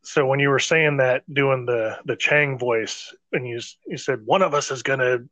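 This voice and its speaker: A man's voice: medium pitch, normal speed, fairly bright tone, dry recording, low-quality recording. A man co-hosting a casual gaming podcast, laid-back with dry quips and short replies. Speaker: podcast co-host. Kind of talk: casual chat while playing a video game.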